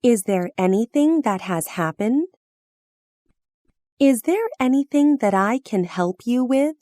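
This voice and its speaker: A woman reading practice phrases slowly and carefully for language learners, each line delivered clearly and deliberately. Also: on the high side, expressive, mellow, no room sound, studio quality. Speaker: phrase reader.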